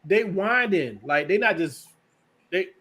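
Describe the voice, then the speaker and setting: A man's voice: high-pitched, expressive, measured pace, a bit bright, breathy edge. A middle-aged man chatting casually on a video call, rambling, joking and laid-back.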